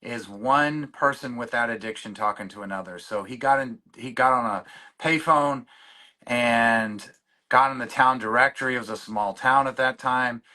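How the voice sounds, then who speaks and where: A man speaks with a bright, forward voice about finding recovery. He stumbles, restarts, and circles back on his words. His voice stays choked up throughout, humbled and moved by his story. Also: medium pitch. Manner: halting, many restarts, openly emotional. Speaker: guest in recovery. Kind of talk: personal storytelling in conversation.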